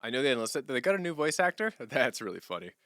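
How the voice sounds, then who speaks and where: A young man chatting casually on a livestream, answering viewer questions in a relaxed, rambling way and laughing often. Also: mid-range voice, fast talker, dry recording, studio quality. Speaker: streamer.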